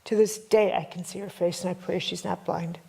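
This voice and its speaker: A woman's voice: lowish voice, fairly even intonation, fairly quick, gravelly, warm tone, breathy edge. A middle-aged woman telling a dramatic story to a workshop audience, emphatic and full of repetitions. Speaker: workshop teacher.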